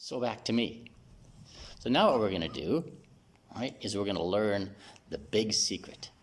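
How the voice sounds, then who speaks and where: A man giving a casual singing lesson, explaining step by step and often checking in with "right?" while playing a bass guitar. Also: animated, normal speed, a little hiss or hum. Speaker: singing teacher.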